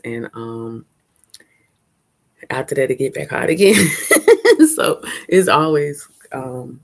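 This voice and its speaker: A chatty woman talks candidly to her live-stream viewers. Her voice sits low for a woman, and she laughs often as she goes. She is recorded outdoors on a phone held at arm's length. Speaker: vlogger hosting a live stream. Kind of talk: casual live-stream chat. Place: outdoors at a fair.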